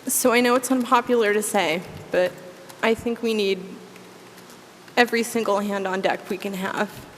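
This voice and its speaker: At a public meeting in a town meeting room, a woman in her thirties serving on the school committee makes an earnest, impassioned appeal. Her voice is medium-pitched with fairly even intonation and a normal speed. The hall is echoey, with faint background noise.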